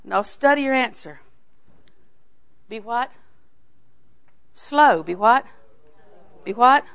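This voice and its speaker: An older woman delivers a sermon in a homespun, storytelling way. She punches key phrases loudly, then drops into near-hushed asides. She has the easy manner of a longtime Bible teacher. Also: on the high side, slow. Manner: folksy and animated, swings from loud emphasis to hushed asides.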